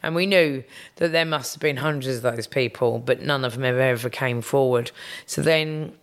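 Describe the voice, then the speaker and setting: A woman's voice: a bass voice, normal speed. A woman, chatting as an interview guest and telling stories with frequent ums and restarts. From London, England. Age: 50s. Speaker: guest, business executive. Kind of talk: casual interview chat.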